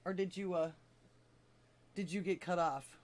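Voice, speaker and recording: A woman's voice: fairly low pitch, steady tone, unhurried. A woman hosting a live call-in talk show, chatting in a laid-back way with callers. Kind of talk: casual call-in chat.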